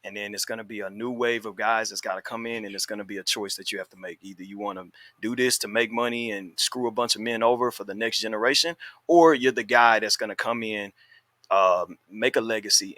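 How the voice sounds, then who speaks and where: A man in a studio podcast, talking in a measured, reflective way with "um" pauses. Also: on the low side, bright, forceful tone, no echo. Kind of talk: casual podcast discussion.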